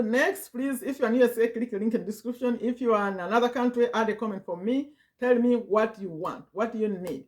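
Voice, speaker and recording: Speaking fairly quickly from home, a woman in her fifties who vlogs about affiliate marketing gives a motivational talk directly to camera. In an ordinary mid-pitched voice, she repeats her points emphatically and coaxes her viewers along.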